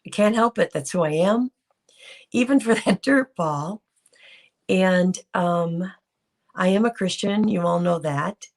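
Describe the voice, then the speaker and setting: A woman's voice: lowish voice, unhurried, pauses often. A woman hosting a casual live reaction stream, talking unscripted with many ums and greeting viewers in the chat. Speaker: livestream host.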